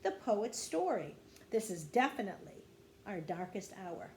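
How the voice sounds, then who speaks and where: A woman's voice: mid-range voice, lively intonation, a little slow, a little mellow, a little hiss or hum. A woman voicing an anxious, protective young boy in a storybook, calling out urgently. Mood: grim. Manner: raised urgent calls.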